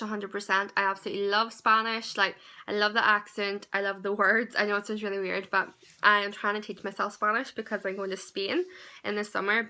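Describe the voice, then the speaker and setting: A woman's voice: medium pitch, sharp tone. A young woman with a Northern Irish accent, chatting through a casual Q&A vlog, rambling and laughing between lots of ums. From Northern Ireland. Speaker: vlogger.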